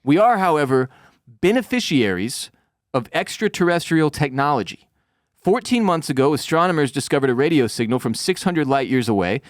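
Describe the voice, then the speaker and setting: A calm, overly courteous middle-aged official, put on by a man retelling a scene, speaks in a soothing, reassuring tone. His voice sits fairly high and moves in a lively way. The sound is dry and close. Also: no room sound, close to an everyday voice. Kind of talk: acted quote in a podcast recap.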